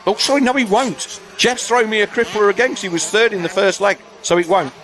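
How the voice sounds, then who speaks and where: A man commentating live on a motocross race, excitable and breathless with quick-fire calls. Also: high voice.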